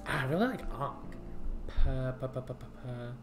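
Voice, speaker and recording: A woman streaming a game, thinking out loud in a casual, musing way, trying out names and giggling between thoughts. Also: extremely low pitch, expressive, over music. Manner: muses aloud, trying out names, quick to giggle. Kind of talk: casual gameplay commentary.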